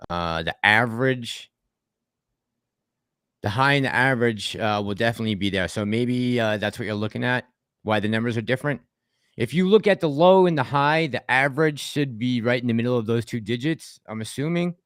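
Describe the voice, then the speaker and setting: A man's voice: mid-range voice, clean tone, no room sound, studio quality. A man hosting a casual livestream, chatting with a co-host and reading viewer comments aloud in a rambling way. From Boston. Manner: chatty, rambling, laughs often.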